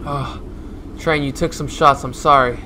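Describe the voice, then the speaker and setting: A man's voice: mid-range voice, steady tone, a little slow, sharp tone, a little hiss or hum. A young man commentating a horror video game, jumpy and talkative, addressing the viewers as y'all and swearing when startled. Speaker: gaming youtuber.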